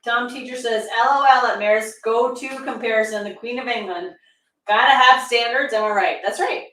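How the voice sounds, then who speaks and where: A woman's voice: a little high, normal speed, sharp tone, recorded from a distance. A woman co-hosting a livestream, reading out viewer messages and teasing her partner playfully. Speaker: co-host reading super chats. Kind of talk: casual livestream chat. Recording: roomy echo, set back from the mic.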